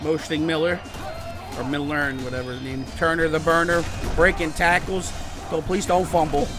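A young man commentating his own football video game, calling plays in casual slang and breaking into shouts and yelps at the big moments. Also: a little high, steady tone, moderate pace. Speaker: gaming YouTuber. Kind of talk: excitable play-by-play gaming commentary. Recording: music playing behind.

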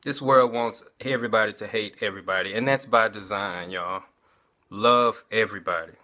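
A man's voice: fairly low pitch, normal speed, sharp tone. A man giving a casual personal testimony, talking conversationally and often addressing his listeners as y'all.

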